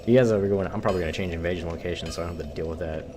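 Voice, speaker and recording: A man's voice: low voice, rapid-fire, background noise. A young American man casually commentating his gameplay, rambling and swearing freely. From United States. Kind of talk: casual let's-play commentary. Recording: game music playing clearly behind.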